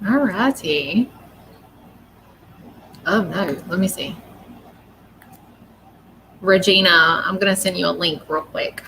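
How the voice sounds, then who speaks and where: A woman with a gravelly, bright voice gives readings on a livestream. She talks in a chatty, rambling way and keeps apologizing. Faint noise sits under her voice. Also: lowish voice, steady tone, measured pace, pauses often, low-quality recording. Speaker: psychic reader.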